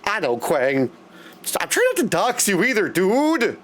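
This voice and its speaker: A man's voice: high voice, wildly swooping pitch, unhurried, a bit bright, slight background noise. A young man hosting a live game stream in casual chat, effusive and greeting viewers by name. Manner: chatty and effusive, greets viewers by name, keeps saying "my dude".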